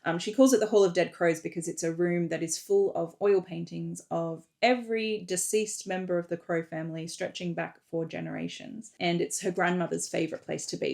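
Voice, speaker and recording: A woman author casually retelling and reading from her book for a readalong recap, with relaxed fillers as she goes. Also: on the low side, vocal fry.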